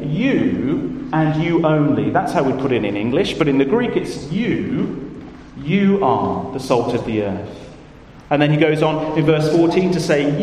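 A man's voice: a little high, a little mellow, slight background noise. A man preaching a sermon in a church, emphatic, with rhetorical questions and repeated phrases. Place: church or large hall. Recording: echoey hall from far off, faint ambience.

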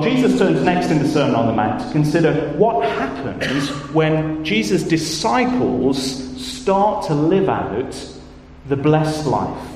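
A man's voice: fairly high pitch, a little mellow, a little hiss or hum. A man preaching a sermon in a church, emphatic, with rhetorical questions and repeated phrases. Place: church or large hall. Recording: echoey hall from far off, faint ambience.

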